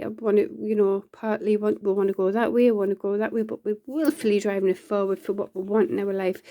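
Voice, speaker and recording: A woman's voice: mid-range voice, mellow. A woman giving a casual, rambling tarot reading, full of fillers and restarts. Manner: laughs often between lines. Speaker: tarot reader.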